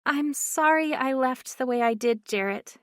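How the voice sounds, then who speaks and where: A woman's voice: high-pitched, expressive, normal speed, fairly bright tone, dry recording, clean studio sound, voice pushed up. A woman voicing a timid, feathery-voiced young singer. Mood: tearful, apologetic. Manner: feathery, quivering, apologetic. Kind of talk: audiobook narration.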